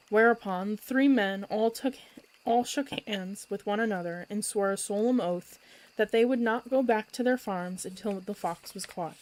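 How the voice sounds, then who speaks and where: A woman narrates a children's book as a bedtime story, with expressive and lively delivery. She reads steadily as a storyteller at a medium pitch. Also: normal speed, rough recording.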